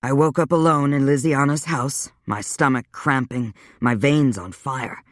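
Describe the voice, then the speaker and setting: A man voicing a weary, wry male vampire, speaking low and subdued in a dry audiobook reading. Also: measured pace, dry recording, natural voice. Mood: rueful.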